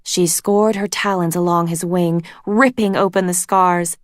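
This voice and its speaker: A woman reading a storybook aloud in steady, unhurried narration. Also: on the low side, no room sound, clean studio sound. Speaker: reader.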